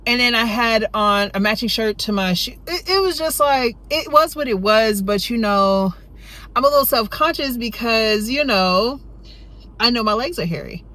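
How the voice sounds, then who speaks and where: A woman's voice: animated, normal speed. A woman casually telling a storytime tale, chatty and rambling, often tucking in "you know" and "right?". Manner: jumps high and loud when acting out her younger self. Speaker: storytime vlogger.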